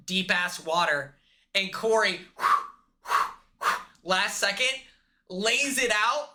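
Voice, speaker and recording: A man hosts a comedic movie recap in a high-pitched, pushed, bright voice. He rambles and acts out the characters' lines himself, quoting them in character.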